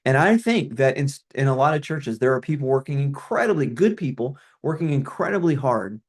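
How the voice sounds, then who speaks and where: A man's voice: medium pitch, lively intonation, brisk. Conversational middle-aged man, former pastor. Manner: conversational, many restarts and fillers. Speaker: ministry consultant, former pastor. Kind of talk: presentation on a call.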